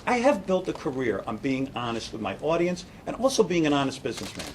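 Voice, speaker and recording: A man's voice: medium pitch, big pitch swings, fast, slight background noise, poor audio. A middle-aged man, a radio broadcaster, giving an indignant, sarcastic statement and taking questions at a press conference.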